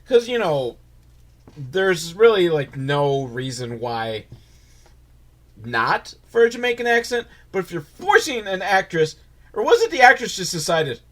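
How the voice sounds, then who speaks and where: A man's voice: high-pitched, sing-song, unhurried, a bit bright. A man giving a sarcastic, rambling, profane comedic recap of a movie, full of mocking asides. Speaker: movie reviewer.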